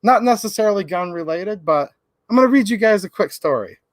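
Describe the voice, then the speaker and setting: A man's voice: high voice, lively intonation, fairly quick, dry recording. A man hosting a livestream, talking in a fired-up, emphatic way. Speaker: livestream host. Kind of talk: casual livestream talk.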